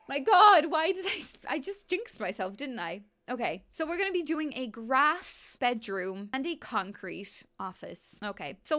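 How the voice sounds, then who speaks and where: A young woman giving casual commentary while building in a life-sim game, excitable and self-mocking, laughing often. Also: a little high, no echo, studio quality.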